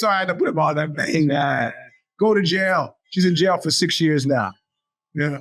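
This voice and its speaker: Guy hosting his podcast, kinda high voice, swears a lot, sarcastic rants, does little voices for people he quotes. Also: moderate pace. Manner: animated, profane, sarcastic storytelling. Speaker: podcast host. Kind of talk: casual monologue.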